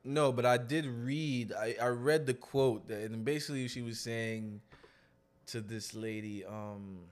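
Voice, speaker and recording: A laid-back man chatting as a podcast co-host, joking and trailing off mid-thought. His pitch sits in an ordinary middle range for a man. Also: measured pace. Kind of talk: casual chat.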